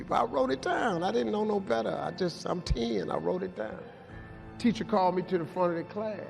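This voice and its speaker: A man's voice: high-pitched, lively intonation, fairly quick, vocal fry, big-room sound, music in the background. A man giving a preached motivational speech, rhythmic and repeating lines for emphasis. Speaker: motivational speaker.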